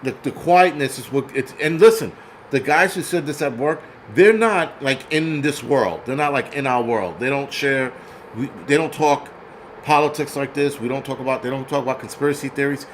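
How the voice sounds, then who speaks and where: A man's voice: mid-range voice, normal speed, a little hiss or hum, low-quality recording. A man hosting a show, ranting in a profane, mocking and exasperated way about people he finds ridiculous. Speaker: host. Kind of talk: angry ranting commentary.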